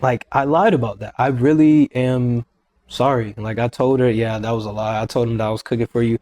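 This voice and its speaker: A young podcast guest recounts a personal story casually and with animation, frequently quoting what people said and repeating himself. His voice is mid-range and a little fast, recorded with no room sound.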